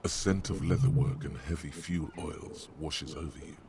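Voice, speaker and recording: An omniscient, wry inner voice narrating a detective game. The voice sits extremely low and crackles with gravel. Steady noise hums behind it. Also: male voice, moderate pace. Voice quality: deep and gravelly. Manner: grandiose, wry second-person narration. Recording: game audio with noticeable background noise.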